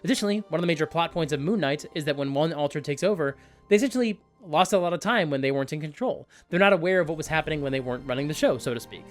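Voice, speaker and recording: Quick, animated male gaming host. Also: on the high side, faint music behind. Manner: animated, self-questioning explanations. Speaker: YouTube host. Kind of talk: tabletop gaming commentary.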